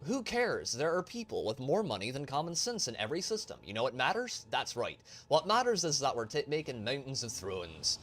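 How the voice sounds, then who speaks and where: A man voicing a rough crew of bickering male smugglers who end up shouting in panic, full of rough slang. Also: mid-range voice, big pitch swings, fairly quick, few pauses, pitched above the performer's own voice.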